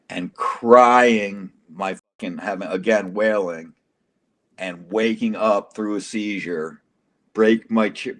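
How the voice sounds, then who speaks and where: As an interview guest, a deep-voiced man shares an emotional personal testimony. He speaks casually and profanely, dramatically acting out the quotes.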